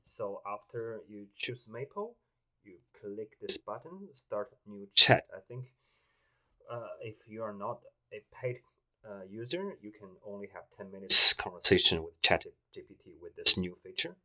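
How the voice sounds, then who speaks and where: Hesitant man with bright tone. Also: fairly low pitch, lively intonation, measured pace, poor audio. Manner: hesitant, with many fillers. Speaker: tech reviewer host. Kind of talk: casual talk to a voice assistant.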